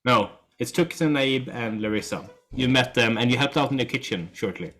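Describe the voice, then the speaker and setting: A man narrating as game master of a tabletop game, unhurried and relaxed, with many fillers. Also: mid-range voice. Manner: relaxed, drawn-out storytelling with fillers.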